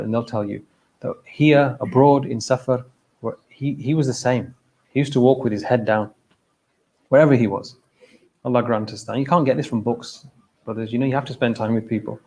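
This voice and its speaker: Speaking in a mellow mid-range voice, an English man gives a conversational, informal sermon to the congregation in a mosque hall at a mosque event. He's direct, keeps asking "okay?", says "look" a lot and laughs briefly now and then.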